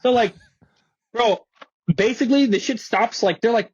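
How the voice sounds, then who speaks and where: A man's voice: very high-pitched, normal speed, pauses often, husky, dry recording, lo-fi sound. A young man, a skateboarder guest on a podcast, telling a story casually with lots of slang and swearing, acting out what people said. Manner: slangy, animated, swears a lot, acts out quotes.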